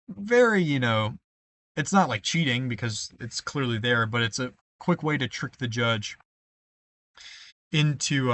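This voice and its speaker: A man's voice: mid-range voice, fairly bright tone. A young man teaching debate card formatting in a screen-share tutorial, explaining step by step with frequent ums and asides of "right?". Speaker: debate coach.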